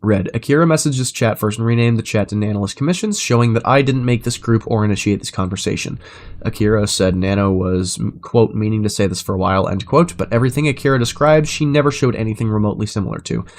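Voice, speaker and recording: A man reading chat messages aloud in an even, measured way, breaking into loud, sarcastic rants full of swearing. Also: fairly low pitch. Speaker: commentator reading chat logs.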